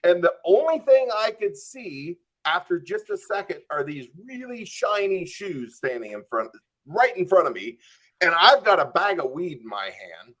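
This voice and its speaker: With a voice that sits high and a moderate pace, a man on a podcast narrates a long anecdote as a guest. He's animated, acting out his thoughts and peppering everything with "like" and "I'm just like."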